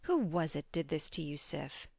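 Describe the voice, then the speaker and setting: A woman's voice: low voice, big pitch swings, moderate pace, gravelly, no echo, full character voice. A woman reading the lines of a mighty male thunder god who vows vengeance in wrath, on a dry recording. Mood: wrathful. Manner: wrathful, vowing.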